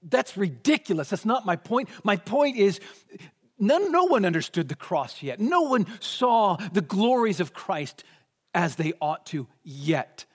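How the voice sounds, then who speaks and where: Guy preaching slow and emphatic, drops to a hush then lifts up again, big echoey church. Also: high-pitched, sing-song, slightly rough. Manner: emphatic, swings between raised and hushed delivery. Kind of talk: expository sermon. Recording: long reverb of a large hall.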